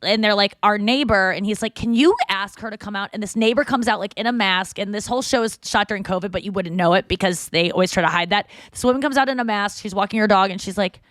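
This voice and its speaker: A woman's voice: medium pitch, fast talker, hardly any pauses, fairly bright tone, no echo. A woman hosting a podcast, telling a rambling story and acting out the people in it in casual chat. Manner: rambling storyteller, acts out quoted voices. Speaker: podcast host.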